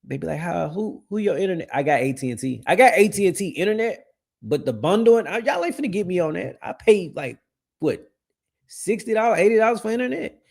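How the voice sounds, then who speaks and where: Brief: young male streamer, lively gravelly delivery, slangy and laughing. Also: high-pitched, a little fast. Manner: laughs often, animated, slangy. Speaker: streamer reacting to videos. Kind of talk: casual reaction commentary.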